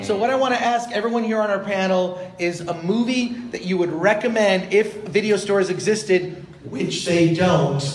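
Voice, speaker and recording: Brief: male podcast host, high voice, rambling and eager, echoey live panel recording. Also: normal speed, soft background music. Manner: eager, rambling presenter with many restarts. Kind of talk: hosting a live convention panel. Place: convention stage panel.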